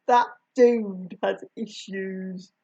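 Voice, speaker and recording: A woman voicing a bold, defiant schoolgirl who talks flatly and firmly, on a slightly dull recording. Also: mid-range voice, drawn-out words.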